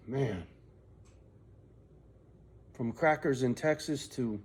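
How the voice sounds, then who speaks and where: A man's voice: mid-range voice, lively intonation, very slow, long pauses, slightly rough. A middle-aged man confiding a rambling, profane personal story to his viewers. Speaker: vlogger.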